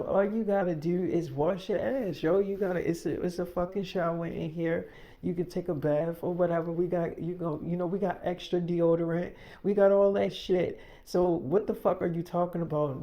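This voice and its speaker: A man's voice: medium pitch, steady tone, moderate pace, vocal fry, dark tone, close to an everyday voice. Man voicing a blunt, swearing young woman. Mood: heated. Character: brash rich young woman, blunt girlfriend.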